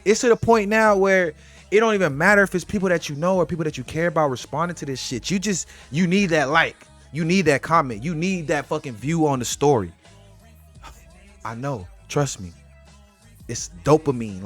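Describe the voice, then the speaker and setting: A man's voice: on the high side, normal speed, fairly bright tone, soft background music. A man giving blunt, profane life advice to camera in a casual motivational monologue, speaking.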